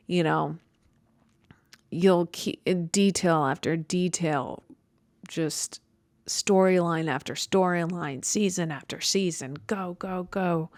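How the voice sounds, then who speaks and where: A young podcast host from Chicago talks in a loose, conversational monologue, laughing at herself and leaning on lots of fillers. Her fairly low voice is smooth, captured with studio quality and no room sound.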